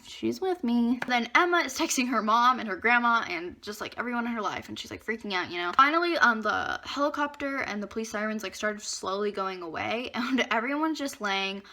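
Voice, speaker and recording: A woman's voice: a little high, brisk, few pauses. A teenage girl telling a dramatic school story in a chatty storytime vlog, acting out what others said. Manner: chatty, animated retelling with acted-out quotes. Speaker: vlogger.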